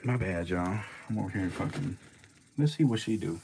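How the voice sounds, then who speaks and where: Excitable swearing man filming his snakes. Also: sits low, normal speed, husky. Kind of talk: casual vlog commentary.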